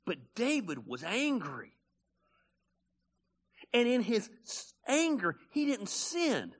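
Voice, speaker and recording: A male pastor preaching a sermon, animated and conversational, blunt and joking, swinging from loud bursts to quiet asides. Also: high-pitched, takes it slowly, long pauses.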